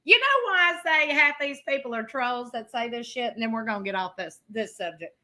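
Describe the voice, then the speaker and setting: Woman in her thirties, sassy live streamer, very bright, pitched a bit high. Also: a little fast. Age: 30s. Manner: blunt, sassy, laughs often. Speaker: livestream host. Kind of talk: casual live commentary.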